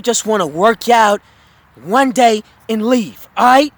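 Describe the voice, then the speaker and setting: A man's voice: sits high, lively intonation, slow, no echo. A man telling a storytime tale as a heated, profane rant, rambling with fillers and restarts.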